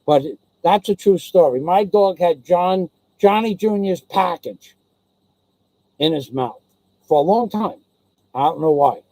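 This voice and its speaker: A man's voice: high voice, a little slow, dark tone, dry recording, poor audio. A man telling a casual personal anecdote, rambling and digressive with many restarts, blunt and salty in his talk. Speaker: storyteller.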